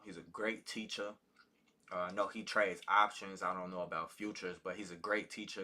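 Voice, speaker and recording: A man hosting a live trading stream with a fairly low voice that has a very bright, cutting edge. He teaches in a loose, conversational way, full of ums and restarts. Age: adult with a child. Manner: casual, loose, conversational with many fillers. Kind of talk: live market commentary and teaching.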